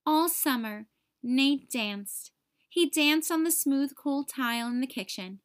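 Woman teacher, children's read-aloud, high lively voice, unhurried. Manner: expressive, sing-song storytelling.

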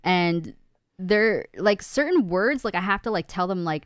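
A woman's voice: on the low side, animated, a little slow, smooth, no room sound, studio quality. A woman co-hosting a gaming stream in casual chat, talking loosely with lots of fillers and acting out family quotes. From from an Italian immigrant family. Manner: chatty, many "like" fillers, acts out family quotes.

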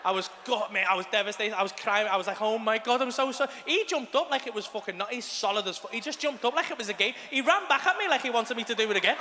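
An English male stand-up comedian performs a sweary, blunt set in a large theatre before a big audience, telling stories and acting out outbursts. His voice sits high with lively intonation, fast with few pauses, in a live hall recording with a loud crowd.

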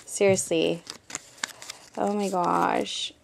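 Gushing woman vlogger, slow-paced. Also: mid-range voice, flat delivery, vocal fry, slight background noise. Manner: gushing, repeats "oh my gosh", talks to viewers as "guys". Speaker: crafting vlogger. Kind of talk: unboxing vlog, chatty.

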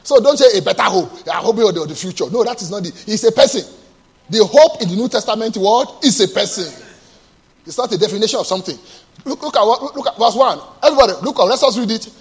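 Male pastor, high husky voice, call-and-response sermon style, shifts from hushed stories to loud exclamations. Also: expressive, quick pace. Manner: call-and-response preaching, asks the congregation to answer; drops to a low soft storytelling voice, then bursts out loud.

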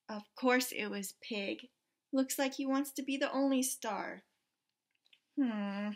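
A woman teacher reading a children's picture book aloud, musing over the pages in an expressive storytelling voice. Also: a little high, takes it slowly.

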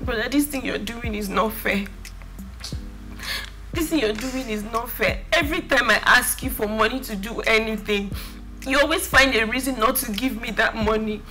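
A woman's voice: on the high side, normal speed, over music, close to an everyday voice, rough recording. An actress playing a young woman earnestly pleading with her brother for money, with a Nigerian accent. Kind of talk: Nollywood film drama.

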